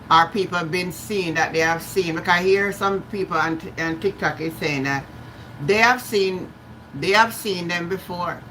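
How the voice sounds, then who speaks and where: A woman's voice: fairly low pitch, pushed and bright, a little hiss or hum, poor audio. A Jamaican woman hosting a live stream, chatting casually, greeting viewers by name and slipping into patois. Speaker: livestream host.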